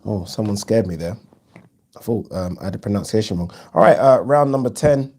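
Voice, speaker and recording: A man's voice: fairly low pitch, expressive, a little fast, warm tone. A man hosting a live boxing watch-along, chatting casually and frankly, reading viewers' comments with plenty of ums. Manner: chatty, frank, swears freely, frequent ums.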